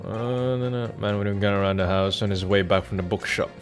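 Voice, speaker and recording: A man's voice: fairly low pitch, fairly even intonation, brisk, faint music behind. A man dubbing a video game, making casual, amused asides. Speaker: let's-play voice actor.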